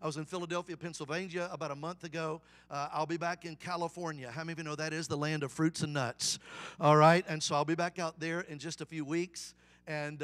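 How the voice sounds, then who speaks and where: A middle-aged man, a guest evangelist, preaching a folksy, humorous sermon. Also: a little high. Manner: folksy, animated storyteller with humor.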